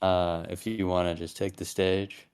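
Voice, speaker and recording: A man moderating a community call, relaxed and inviting others to take the stage. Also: low voice, unhurried, smooth. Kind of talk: casual chat on a voice call.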